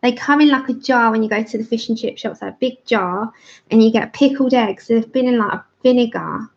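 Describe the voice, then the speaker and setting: A woman's voice: fairly high pitch, brisk, vocal fry. An English woman hosting a livestream, chatting casually and explaining each step as she colours. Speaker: livestream host. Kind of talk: casual chat while colouring. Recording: dull lo-fi livestream audio.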